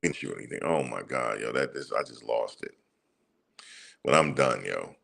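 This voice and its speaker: Very deep gravelly man ranting. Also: animated, unhurried, fairly bright tone. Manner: heated, profane, repeats himself. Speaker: sports commentary channel host. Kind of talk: casual ranting monologue.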